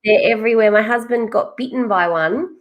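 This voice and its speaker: A woman's voice: a little high, a little fast. Chatty Australian woman host. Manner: chatty, storytelling, lots of fillers. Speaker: podcast host. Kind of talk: casual interview chat.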